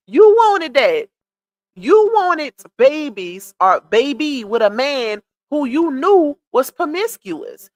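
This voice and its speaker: High-voiced blunt woman scolding on a livestream. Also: no echo. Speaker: livestream commentator. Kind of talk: casual gossip commentary.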